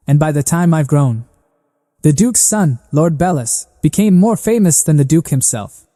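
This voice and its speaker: Guy reading earnest little girl ex-spy, kinda high, really dark tone, long reverb. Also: close to an everyday voice. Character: young girl, former spy reborn, earnest and watchful.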